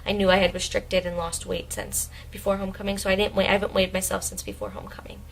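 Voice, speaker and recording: Young female vlogger, rambling and emotional storyteller, average pitch. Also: level tone, quick pace, gravelly, poor audio. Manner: emotional, rambling retelling with many "I was like" quotes. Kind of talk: personal storytelling vlog.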